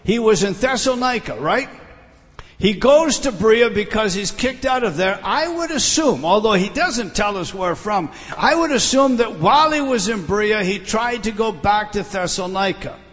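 A man's voice: sits high, animated, moderate pace, fairly bright tone, long reverb tail. A middle-aged man preaching a sermon, emphatic, often repeating words and putting questions to his listeners. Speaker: pastor.

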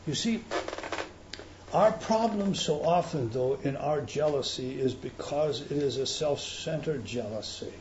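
A man preaching a sermon in an emphatic teaching manner, swinging between loud stresses and quiet intensity. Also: on the high side, a little slow, muffled recording, noisy background.

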